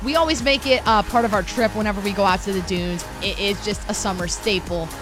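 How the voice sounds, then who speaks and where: A woman's voice: medium pitch, a little fast. A woman radio host reading a chatty, upbeat promotional spot on air. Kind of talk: live radio ad read. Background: music bed.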